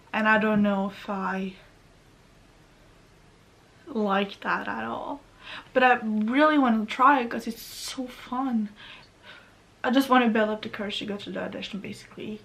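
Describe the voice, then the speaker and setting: A young Norwegian woman with a Norwegian accent, rambling nervously in a casual vlog at home, often correcting herself. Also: mid-range voice. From Norway. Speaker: vlogger. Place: at home near her computer.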